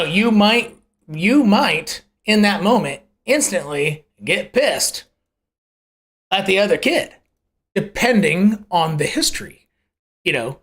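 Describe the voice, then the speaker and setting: Live-stream market host, loose and conversational, self-correcting, pitch jumping around a lot. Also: fairly bright tone. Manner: uses homely analogies and rhetorical questions. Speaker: host of a live crypto price analysis show. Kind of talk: casual live chart commentary.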